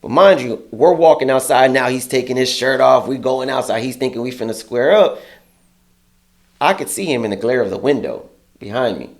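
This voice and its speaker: An interview guest, a man with a medium-pitched voice at normal speed, tells a story in casual, profane language. He acts out other people's lines in a raised, heated voice, making the storytelling animated.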